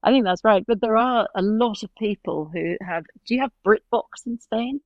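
A woman with a fairly high voice and a British accent speaks at a moderate pace as a podcast guest in a casual conversational interview. She's chatty, laughs a lot and trails off mid-sentence, and the recording is dry and muffled.

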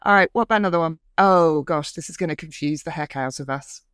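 A woman leads a relaxed conversation and quizzes her guest in a teasing way, with plenty of "um"s along the way. Her voice is dry and close, with no room echo. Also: low-pitched, fast talker, clean tone. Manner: playful quizzing, hesitant fillers. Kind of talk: casual chat.

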